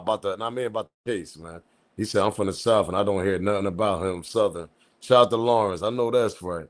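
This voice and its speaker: A man's voice: lowish voice, fairly bright tone. A man from the US East Coast with his accent, hosting a casual live-stream commentary with slangy, loose talk and chuckling asides to his chat. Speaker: commentary channel host.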